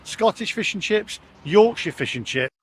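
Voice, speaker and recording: A man's voice: sits high, lively intonation, normal speed, husky. A man vlogging cheerfully outdoors in the heat, chatty and laughing often. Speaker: travel vlogger. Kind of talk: upbeat vlog chat. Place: outdoors in hot weather.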